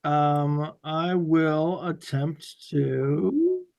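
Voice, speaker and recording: A man's voice: fairly high pitch, big pitch swings, very slow, creaky, darkish tone, no echo. A man playing a tabletop game, musing and unsure. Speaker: player. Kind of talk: casual tabletop play.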